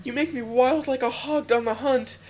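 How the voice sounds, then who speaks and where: A man voicing a female starship officer in a high falsetto. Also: steady tone, normal speed, a little mellow, a little hiss or hum. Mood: dreamy. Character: serious female starship officer, later lovestruck.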